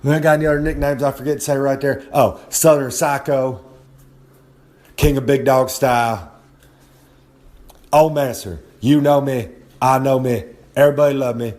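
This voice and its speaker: A man's voice: medium pitch, steady tone, moderate pace, long pauses, darkish tone. A man cutting a brash, boastful wrestling promo about himself in the third person, recorded on a phone held close to his face at home, sore and hungover. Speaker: wrestler with a regular podcast segment.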